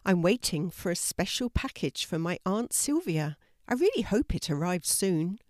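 A woman's voice: fairly low pitch, very animated, moderate pace, no echo, studio quality. A woman voicing a cheerful, helpful young girl who rides a horse in a storybook reading.

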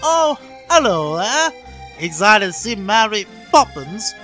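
A man's voice: high-pitched, sing-song, slow pace, pushed and bright, soft background music, voice pushed up, full character voice. A man doing a jolly, exaggerated Cockney voice as a cheerful male theme park greeter. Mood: cheery.

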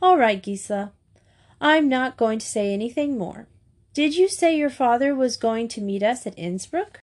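Woman reader playing a bold chirpy schoolgirl, storybook reading, higher than her narration. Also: expressive, moderate pace, darkish tone, close to an everyday voice. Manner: breezy, chirpy and forthright. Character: irrepressible cheeky English schoolgirl.

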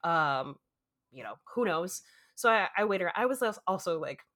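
Animated, low-pitched woman storyteller. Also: moderate pace. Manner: animated, acts out quotes, laughs often. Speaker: podcast co-host. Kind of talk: casual storytelling chat.

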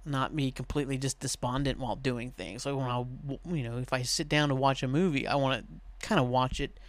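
A man's voice: medium pitch, fairly quick. A young man hosting a podcast in casual, rambling chat, laughing often and swearing now and then. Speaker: podcast host.

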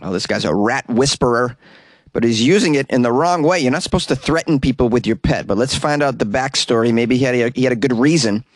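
A man's voice: medium pitch, brisk, no echo. A man with a Boston accent hosting a comedy news podcast, rambling and joking through digressions. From Boston, USA. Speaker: podcast host. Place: small closet.

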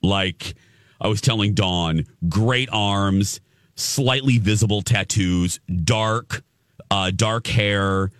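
Male radio morning host, low voice, animated storytelling, dry studio mic. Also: takes it slowly, dry recording. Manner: animated storyteller who acts out quotes. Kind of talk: casual on-air storytelling.

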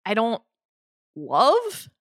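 A woman's voice: a little high, wildly swooping pitch, extremely slow, a bit bright, no room sound, studio quality. A woman co-hosting a podcast, chatting casually about food, enthusiastic and laughing, with hesitant restarts. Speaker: podcast co-host.

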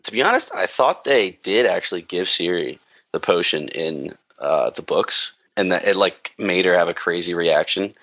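A man's voice: deep voice, expressive, normal speed, fairly bright tone, no room sound. A man co-hosting a podcast, talking loosely and swearing casually in casual chat. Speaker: podcast co-host.

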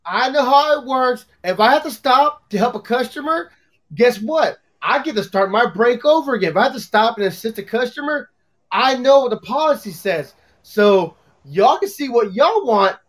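High-voiced man, animated banter. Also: moderate pace. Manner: animated, acts out quotes in a mocking voice. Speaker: podcast co-host. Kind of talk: casual banter.

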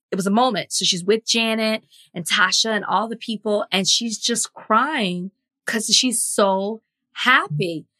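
A woman's voice: mid-range voice, sharp tone, no room sound. A woman co-hosting a podcast in casual chat, talkative and full of examples. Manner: talkative, tells stories with examples. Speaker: podcast co-host.

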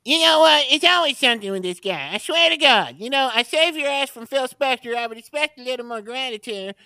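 A man's voice: very high-pitched, lively intonation, fairly quick, bright, forceful tone, dry recording, pitched above the performer's own voice, full character voice. A man doing an impression of a boastful, foul-mouthed aging male rock star in a phone call bit, ranting and indignant. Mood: resentful.

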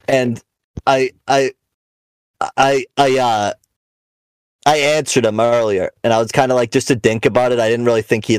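A man's voice: mid-range voice, dry recording. Profane, ranting young podcast host man. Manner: profane, rambling storyteller; mocking, ranting. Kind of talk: casual podcast chat.

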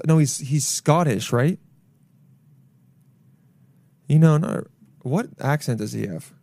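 A young man hosting a solo podcast from his apartment, rambling loudly with jokes and swearing. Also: medium pitch, moderate pace, gravelly, long pauses, no echo. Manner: rambling, loud, jokey, swears a lot. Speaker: podcast host. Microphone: camera mic.

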